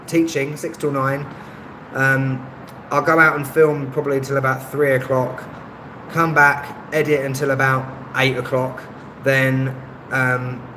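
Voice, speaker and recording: In a low-quality recording from a phone on a stabilizer, a man hosts a casual live-stream chat, rambling hesitantly through viewers' comments with plenty of ums and self-deprecating asides. His medium-pitched voice has a fairly bright tone, and the room is echoey with slight background noise.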